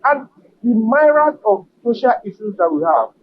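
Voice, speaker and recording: A man, a business association leader, answering an interview question in a measured, emphatic way and repeating key phrases. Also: high voice, very animated, dull audio, a little hiss or hum.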